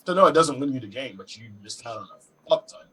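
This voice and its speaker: A man's voice: mid-range voice, lively intonation, fast, a bit bright, husky, poor audio. A man co-hosting a casual podcast with blunt, exasperated remarks. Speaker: podcast co-host.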